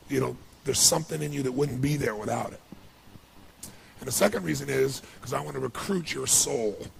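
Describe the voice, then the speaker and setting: A middle-aged man giving a motivational speech, telling a personal story in an animated, emotional way. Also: mid-range voice, creaky, a little hiss or hum. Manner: animated, emotional storytelling with rising bursts of intensity. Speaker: motivational speaker.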